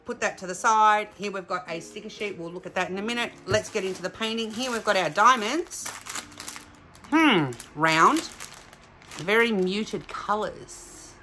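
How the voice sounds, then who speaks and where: A woman's voice: mid-range voice, unhurried, pushed and bright. A woman hosting a casual unboxing vlog, chatting directly to her viewers as she shows off a craft kit. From Australia. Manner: chatty, talks straight to viewers. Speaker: diamond painting channel host.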